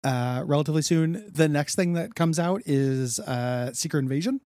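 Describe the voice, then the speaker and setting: A man's voice: fairly high pitch, lively intonation, moderate pace, darkish tone, no room sound, studio quality. A man in his forties co-hosting a podcast in casual chat, joking, profane and self-deprecating. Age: 40s. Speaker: podcast co-host.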